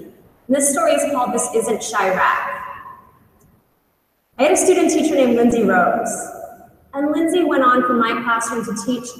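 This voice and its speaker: A woman teacher giving a conference talk, telling stories in an earnest, animated way. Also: fairly high pitch. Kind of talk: storytelling presentation. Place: large conference hall. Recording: echoey hall, voice from far off.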